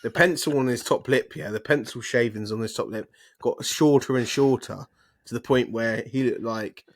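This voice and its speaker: A man's voice: mid-range voice, moderate pace. A man co-hosting a podcast in casual chat, swearing freely and ranting off on tangents. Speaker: podcast co-host.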